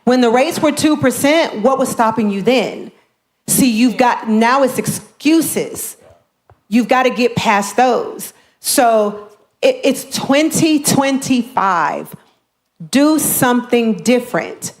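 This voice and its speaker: A woman giving a lively motivational seminar talk on home buying, often acting out the voices of the people she quotes. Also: fairly high pitch, slow pace.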